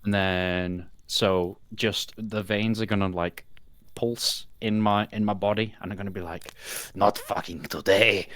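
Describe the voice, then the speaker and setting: A man's voice: fairly low pitch, fairly even intonation, measured pace, fairly bright tone, clean tone, dry recording. A man playing a tabletop game, wry and stumbling over his words. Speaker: player.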